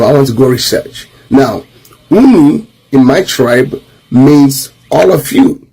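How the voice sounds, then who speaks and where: A man from Nigeria, explaining words in an animated, amazed way. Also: medium pitch, slightly rough, low-quality recording. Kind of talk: casual talking-head explainer.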